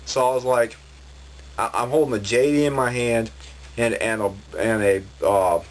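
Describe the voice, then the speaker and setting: A man's voice: medium pitch, steady tone, moderate pace. A man ranting in a vlog, rambling and frustrated, with many restarts. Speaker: vlogger.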